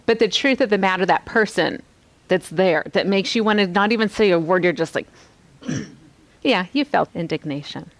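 A woman giving a devotional Bible teaching, asking her listeners reflective questions and dropping to soft, quiet tones on key lines. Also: medium pitch, no room sound.

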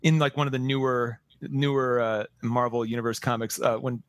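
A man co-hosting a casual podcast, rambling and animated with lots of restarts. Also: mid-range voice, normal speed, no room sound. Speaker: podcast co-host. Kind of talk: casual chat about movies.

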